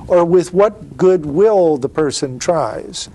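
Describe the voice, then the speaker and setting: A man's voice: a little high, animated, slow pace, warm tone. A middle-aged man giving a literature lecture, explaining patiently and asking rhetorical questions. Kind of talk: university-style lecture.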